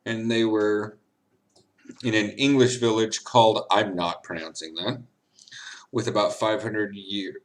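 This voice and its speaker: A man chatting casually while he plays games on a stream. He is tipsy, rambles, jokes and giggles as he goes. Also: fairly low pitch. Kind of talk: casual chat while gaming.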